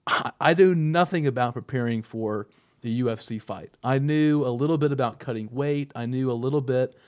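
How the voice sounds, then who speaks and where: A man's voice: medium pitch, darkish tone. A young man co-hosting a podcast, joking and rambling in casual chat. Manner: joking, rambling, quick to laugh. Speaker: podcast co-host.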